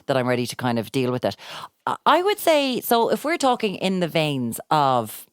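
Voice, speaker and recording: A woman with a Cork Irish accent, hosting a podcast in casual, animated chat with sarcastic asides. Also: low-pitched, normal speed, smooth, no echo, studio quality. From Ireland. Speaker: podcast host.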